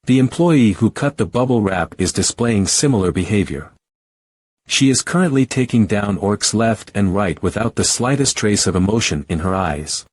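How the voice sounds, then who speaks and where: A man giving a first-person story recap narration in a steady, even reading. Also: on the low side, normal speed, no room sound.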